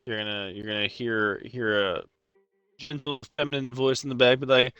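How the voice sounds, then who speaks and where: A man's voice: mid-range voice, normal speed, pushed and bright, clear, resonant tone, no room sound, dull audio. A man running a tabletop role-playing game as game master, narrating and teasing the players.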